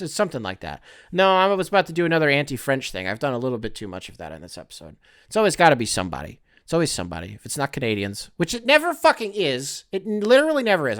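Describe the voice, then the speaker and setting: A young man hosting a solo podcast, talking casually with a profane, rambling manner that swings between low mutters and loud outbursts. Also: smooth, no echo, studio quality. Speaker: podcast host.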